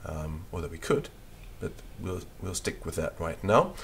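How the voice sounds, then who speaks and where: A man teaching a beginners' French lesson, dictating slowly and patiently and spelling words out letter by letter. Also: sits low, animated, a little hiss or hum.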